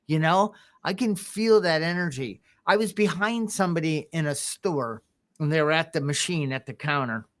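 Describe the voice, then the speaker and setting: A man co-hosting a podcast, telling rambling personal stories, often chuckling and clearing his throat. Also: a little high, animated, moderate pace, a bit bright. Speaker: podcast co-host. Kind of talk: casual podcast conversation.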